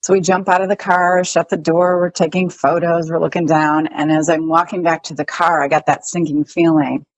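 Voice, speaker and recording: A woman's voice: sits low, little pitch movement, normal speed, few pauses, dry recording, dull audio. A woman telling a personal story as an interview guest, chatty and casual. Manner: chatty, with many likes and restarts.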